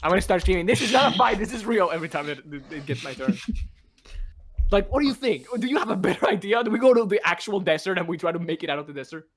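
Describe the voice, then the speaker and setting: A man playing a tabletop game online, excitable and quick to laugh. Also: sits high. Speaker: player.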